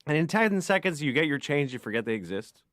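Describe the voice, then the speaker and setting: A man's voice: fairly high pitch, big pitch swings, fast, a bit bright, no room sound. A man doing a sardonic, exasperated stand-up monologue as a therapy patient.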